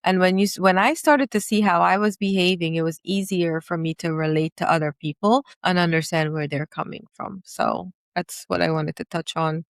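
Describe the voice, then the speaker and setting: A woman's voice: lowish voice, steady tone, normal speed, gravelly, hardly any pauses, no echo. A woman hosting a casual conversation, speaking in an earnest, reflective way, often using fillers like "like" and "you know.". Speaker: podcast host and coach.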